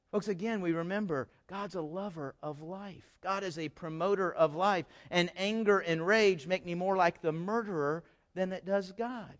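Man, pastor, sermon, animated, high voice, joking asides. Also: moderate pace, hardly any pauses.

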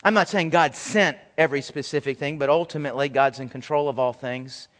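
A male pastor giving a conversational, animated sermon, acting out quoted voices as he goes. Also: medium pitch, a little fast, long reverb tail.

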